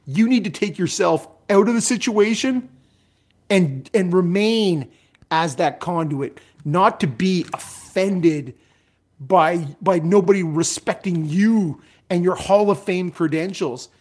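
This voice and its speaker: A man's voice: high-pitched, takes it slowly, a little mellow. A man co-hosting a casual sports podcast, blunt and profane, often repeating words as he starts. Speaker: podcast co-host.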